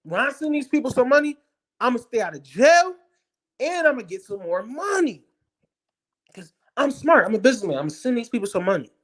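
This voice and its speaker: Talking the way a smug businessman brags, this voice keeps circling back to money and how clever it is, while a ranting speaker puts it on. The swagger of someone sure of his own smarts stays under every line, and the pitch sits middling, near the speaker's usual voice. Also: very animated, brisk. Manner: smug, boastful. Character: mock businessman boasting about money, a put-on of a public figure.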